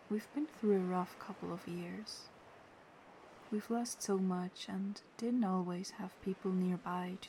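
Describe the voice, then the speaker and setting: A woman voicing a playful, caring young female friend in an audio role-play, teasing and soft-spoken. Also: medium pitch, a little hiss or hum. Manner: teasing, then soft and soothing.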